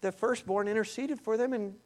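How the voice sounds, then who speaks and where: Male pastor with a high, lively sermon delivery and a storyteller's energy. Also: a little fast. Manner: animated storytelling, addresses listeners as beloved.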